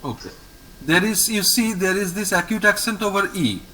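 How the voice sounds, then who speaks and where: A male French teacher with an Indian English accent, patiently repeating each word slowly for a student in an online class. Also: high-pitched, lively intonation, sharp tone, soft background music, low-quality recording. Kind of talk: online language lesson. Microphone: video call.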